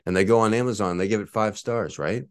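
Man in his 40s, solo podcast rant, boastful, swears a lot, lowish voice, dry close mic. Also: quick pace, clear, resonant tone, no echo. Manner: profane, boastful and combative. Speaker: podcast host. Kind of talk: ranting podcast monologue.

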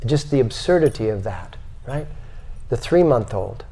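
A man's voice: mid-range voice, lively intonation, normal speed, mellow. A man giving a spiritual lecture to a live audience, asking many rhetorical questions.

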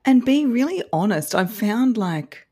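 A woman's voice: fairly high pitch, very animated, measured pace, dark tone, slightly rough. A woman giving encouraging advice as a podcast guest, with a polished, broadcast-trained delivery. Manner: upbeat, encouraging. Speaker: guest social media coach.

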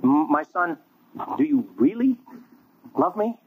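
A man voicing a gentle rabbi speaking softly and tenderly to a disciple. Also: fairly high pitch, animated, takes it slowly, noisy background, pitched above the performer's own voice. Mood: pleading. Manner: soft, tender, pleading. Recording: tinny phone-like line.

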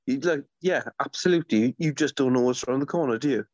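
A man's voice: mid-range voice, fast talker, darkish tone, no room sound. A middle-aged man chatting as an interview guest, eager and rambling, tripping over his words as he tells stories. His voice sounds dull and lo-fi, with a dry, close sound. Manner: enthusiastic, rambling storyteller with many restarts. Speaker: guest, author. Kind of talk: conversational podcast interview.

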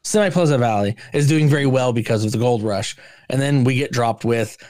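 A man's voice: mid-range voice, brisk, a little mellow. A man co-hosting a podcast, chatting casually about a movie and acting out quoted lines in a raised voice. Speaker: podcast co-host. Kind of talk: casual movie review chat.

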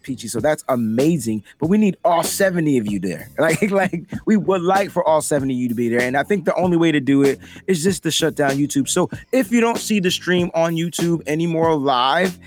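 A young adult man hosting a casual livestream podcast, talking loosely and animatedly, breaking into shouts and laughter. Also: a little high. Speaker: podcast host.

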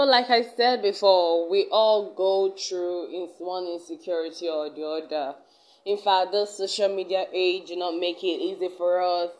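A woman's voice: on the low side, a little mellow. A young adult woman hosting her own vlog, talking in a chatty, earnest way and often restarting her sentences. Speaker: vlog host. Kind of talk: casual self-talk vlog.

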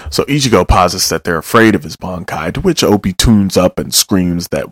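A man's voice: deep voice, expressive, moderate pace, hardly any pauses, a bit bright, no room sound, clean studio sound. A man giving a loose, joking recap of manga chapters, with casual asides and some swearing.

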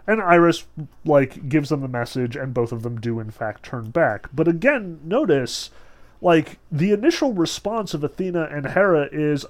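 A man's voice: on the high side, expressive, moderate pace. A man giving a casual literature lecture, talking conversationally with frequent "like" and "um" fillers. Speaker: literature teacher.

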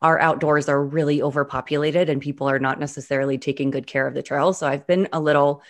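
A woman guest telling a personal outdoor story over a video call, animated and full of "like". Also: deep voice, fast talker. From Utah. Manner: animated, frequent "like". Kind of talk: storytelling interview.

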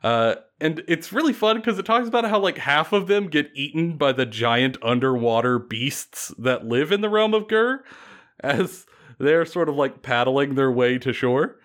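A man casually retelling a fantasy battle story on a podcast, animated and laughing often. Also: on the high side, normal speed.

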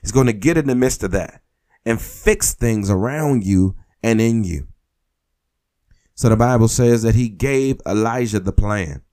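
Low-voiced male preacher exhorting. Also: lively intonation, a little slow, darkish tone. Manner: exhortative, repeats phrases for emphasis. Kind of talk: sermon.

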